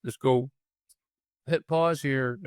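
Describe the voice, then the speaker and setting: A man with a smooth, clear voice chats casually about old comedies on a review show. He talks in a loose, rambling way, restarting his sentences and laughing easily. The sound is close and dry. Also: medium pitch, fairly even intonation, slow pace, no room sound. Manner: rambling, with frequent restarts and fillers; laughs easily while recounting scenes. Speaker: podcast co-host. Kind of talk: casual movie-review chat.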